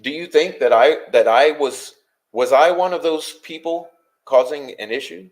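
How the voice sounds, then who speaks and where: A man hosting a livestream, answering his chat in an exasperated, confrontational rant full of swearing and rapid-fire rhetorical questions. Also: fairly high pitch. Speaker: livestream host.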